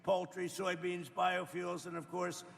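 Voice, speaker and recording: Older man in his seventies with a rather high voice and a gravelly edge, speaking off the cuff and rambling. His talk is boastful and repetitive, full of asides to the audience. The sound rings with the long reverb of a hall. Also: flat delivery, a little slow, a bit bright, a little hiss or hum. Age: 70s. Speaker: politician speaking at a roundtable. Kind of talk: off-the-cuff public speech. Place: event room with people around a table.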